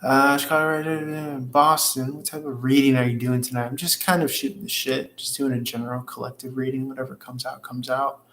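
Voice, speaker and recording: A man's voice: mid-range voice, flat delivery, fairly quick, hardly any pauses, a bit bright, slight background noise. A man hosting a tarot livestream, chatting casually and rambling, with frequent swearing as he reads out viewers' comments. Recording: roomy echo with faint ambience.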